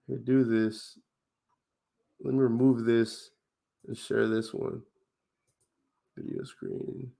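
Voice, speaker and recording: A man teaching on a casual livestream. He talks with emphasis, asks questions, and counts things out loud. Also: mid-range voice, flat delivery, slow, vocal fry, pauses often.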